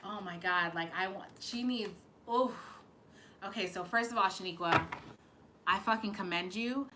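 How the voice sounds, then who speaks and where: A psychic reader hosting a live stream gives a channeled reading in a mid-range voice at a moderate pace, with background noise. She's emotional and holding back tears, rambling and cursing as she goes.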